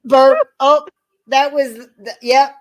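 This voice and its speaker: A woman's voice: high voice, fairly even intonation, slow pace. A woman co-hosting a casual livestream, cracking bawdy jokes and laughing constantly. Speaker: livestream co-host.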